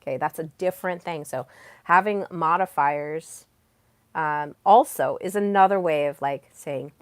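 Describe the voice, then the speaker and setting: Brief: young woman podcast host, lower voice, earnest coaching delivery, dry close sound. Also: measured pace, no echo. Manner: earnest, coaching tone with many fillers. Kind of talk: solo self-help podcast talk.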